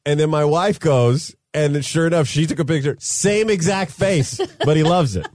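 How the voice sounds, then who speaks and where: A man's voice: fairly high pitch, normal speed, a little mellow, no room sound, studio quality. A man co-hosting a podcast, telling a story in casual chat, laughing mid-sentence and acting out what people said. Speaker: podcast co-host.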